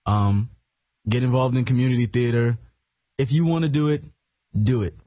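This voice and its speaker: A man, a stage actor, describing his work in a radio interview in an earnest, measured way. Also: medium pitch, warm tone, no echo. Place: radio studio. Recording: dull lo-fi radio broadcast audio.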